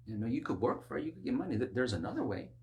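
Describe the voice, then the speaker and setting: A man preaching a sermon in an animated way, dropping to low murmurs and rising to high, insistent exclamations, with mocking asides. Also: racing, dull audio. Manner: mocking, acts out worldly voices.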